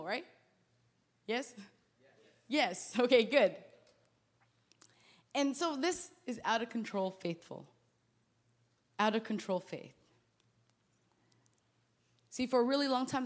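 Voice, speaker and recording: A woman with a high voice preaches to a young crowd in a chatty, animated sermon. She drops to quiet asides, then bursts into loud exclamations, and laughs often as she talks. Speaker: pastor. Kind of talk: sermon to a youth audience.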